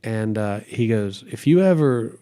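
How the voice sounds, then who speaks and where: A man's voice: fairly low pitch, animated, unhurried, mellow, clean tone. A middle-aged man and pastor telling a story in a casual interview, acting out quotes and laughing often.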